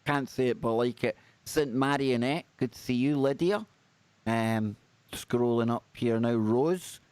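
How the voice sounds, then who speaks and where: A man hosting a live stream, chatting casually and reading out viewer names with excitable, rambling asides. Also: medium pitch, no room sound. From United Kingdom. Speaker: livestream host.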